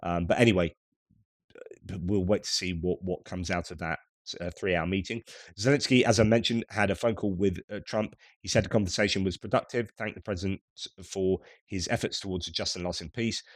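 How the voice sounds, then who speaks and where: A man's voice: sits low, steady tone, a little fast, dry recording, clean studio sound. Chatty man giving a news rundown. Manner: conversational, wry asides. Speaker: news commentator. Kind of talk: casual news commentary.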